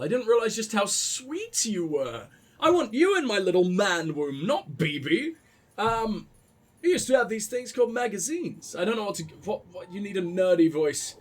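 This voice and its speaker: A man hosting a let's play, joking, swearing and poking fun at himself in casual gaming commentary. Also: high-pitched. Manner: joking, swearing, self-mocking.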